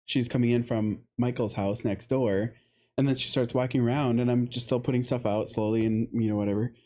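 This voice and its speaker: A man co-hosting a podcast in casual chat, telling an animated story, laughing often and acting out what other people said. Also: mid-range voice, fairly quick. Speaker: podcast co-host.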